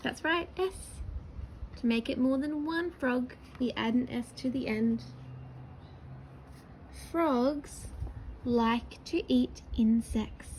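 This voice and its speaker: A woman teaching young children to write a sentence, sounding out each word slowly and patiently with encouraging praise. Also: high voice, slight background noise, rough recording. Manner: slow, sounding out words syllable by syllable. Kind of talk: early-years writing lesson.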